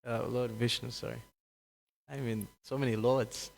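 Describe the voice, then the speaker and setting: Male speaker, mid-pitch, relaxed scripture storytelling with acted-out quotes and self-corrections, long hall reverb. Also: measured pace, vocal fry. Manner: acts out quoted characters with raised pitch, laughs often, corrects himself. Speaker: speaker giving a scripture class. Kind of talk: casual scripture talk with storytelling.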